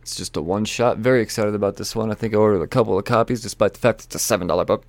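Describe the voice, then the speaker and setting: Man, gravelly voice, casual rambling chat, profane and jokey, dry close sound. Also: lowish voice, rapid-fire, no room sound. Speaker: comic book shop owner reviewing weekly releases. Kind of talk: casual solo chat about new releases.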